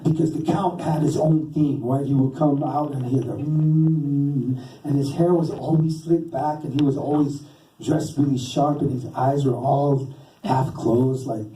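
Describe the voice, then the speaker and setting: Man, stand-up comic, dark mellow voice, roomy hall, distant mic. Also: medium pitch, steady tone, moderate pace, a little hiss or hum. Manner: rambling, self-deprecating, many fillers and restarts. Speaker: stand-up comedian. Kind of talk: stand-up storytelling. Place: live comedy stage.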